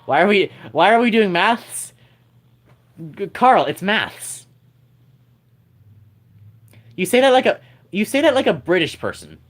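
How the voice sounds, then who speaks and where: A man's voice: sits high, very animated, normal speed. A man chatting with his livestream audience in a teasing, rambling way, laughing often. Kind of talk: casual livestream chat.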